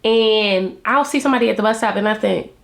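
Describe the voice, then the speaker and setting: A woman's voice: medium pitch, brisk, vocal fry. A woman vlogger reviewing a reality show, chatting to her viewers in a candid, slangy way and laughing often. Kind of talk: casual chat to camera. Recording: roomy echo.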